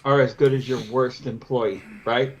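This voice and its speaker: A man in a casual podcast chat, teasing dryly and making measured points. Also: mid-range voice, flat delivery, muffled recording.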